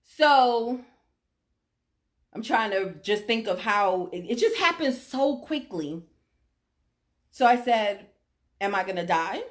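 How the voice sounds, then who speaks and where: Emphatic woman telling her story, slightly high. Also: animated, slow, pauses often. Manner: emphatic, checks in with listeners often. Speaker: vlogger sharing her diagnosis story. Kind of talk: personal storytelling to camera.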